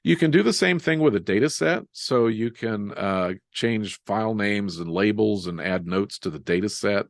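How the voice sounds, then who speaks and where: A man leads a live software webinar in a fairly low voice. He sounds relaxed and joins the steps together as he types, poking fun at his own typos. The sound is dry and close, with no room echo. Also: normal speed, hardly any pauses. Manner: relaxed, self-deprecating, walks through steps while typing. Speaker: software instructor.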